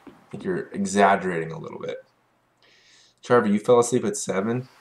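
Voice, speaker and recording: A man, a teacher, chatting casually on a live stream and greeting viewers by name in a relaxed way. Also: lowish voice, a little fast.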